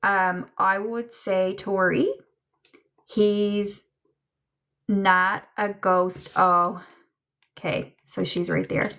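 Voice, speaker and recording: A woman doing a live psychic reading for chat viewers, slow and musing, with many ums and trailing thoughts. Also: mid-range voice, little pitch movement, fairly bright tone. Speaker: psychic medium.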